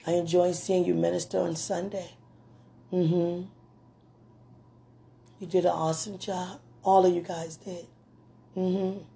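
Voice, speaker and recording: A woman rambling through a personal message to a man, gushing and giggling often, with a slight lingering throat-clearing. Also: lowish voice, level tone, unhurried, long pauses, warm tone. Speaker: admirer speaking to a man on video.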